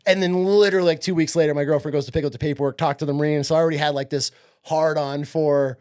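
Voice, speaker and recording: A man in his forties from upstate New York, talking as a podcast guest. He is animated and profane, acting out the voices of people in his stories. His voice sits fairly high for a man. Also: quick pace, clear, resonant tone. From upstate New York, USA. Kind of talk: casual storytelling.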